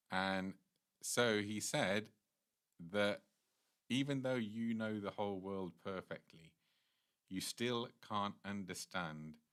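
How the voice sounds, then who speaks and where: A man with a deep, low voice leads a devotional class. He earnestly retells scripture stories at length in the unhurried way of a temple teacher. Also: fairly bright tone.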